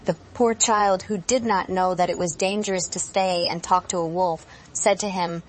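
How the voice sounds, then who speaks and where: A woman telling a fairy tale aloud in a measured, expressive way. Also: lowish voice. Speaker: storyteller.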